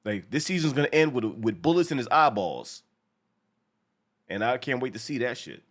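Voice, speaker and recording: A man co-hosting a casual show reaction, talking in a profane, animated way and acting out lines from the episode. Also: medium pitch, moderate pace.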